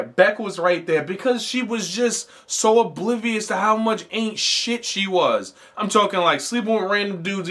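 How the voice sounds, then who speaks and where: A man hosting a comedy podcast, ranting casually and profanely about a TV show, with animated mock quotes. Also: fairly high pitch. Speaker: podcast host.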